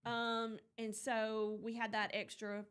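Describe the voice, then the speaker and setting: Woman morning-show host, chatty and loose, slightly high voice. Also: flat delivery, slow pace, fairly bright tone, smooth. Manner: chatty storyteller, rambling with fillers. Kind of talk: casual on-air chat.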